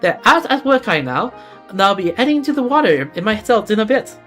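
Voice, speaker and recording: A woman voicing a gentle, small female fairy-like creature in a game, speaking softly and sweetly. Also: mid-range voice, sing-song, fast talker, soft background music, pitched above the performer's own voice.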